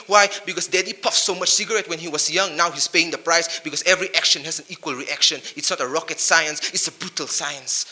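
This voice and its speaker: A man's voice: high voice, steady tone, brisk, hardly any pauses, sharp tone. A man giving a motivational speech to youth, punchy and emphatic, full of rhyming wordplay, into a handheld mic. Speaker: motivational speaker.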